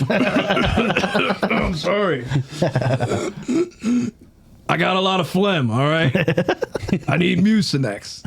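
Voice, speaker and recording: A man with a slightly high voice rattles off wrestling-promo trash talk in a podcast studio. He clowns around and laughs between lines. It's loose comedy banter. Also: gravelly. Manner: loud trash-talking wrestling promo delivery with laughing asides. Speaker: guest comedian.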